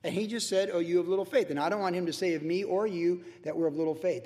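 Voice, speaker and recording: A man's voice: sits high, darkish tone. Conversational male pastor in a reverberant hall. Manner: conversational, repetitive, acts out worried voices. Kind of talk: verse-by-verse sermon.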